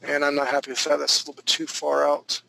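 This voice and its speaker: Male drawing instructor, gravelly, slightly high, casual running commentary. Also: monotone, quick pace, sharp tone, low-quality recording. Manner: loose, joking, thinking aloud while drawing. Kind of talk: live online drawing class. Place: home studio.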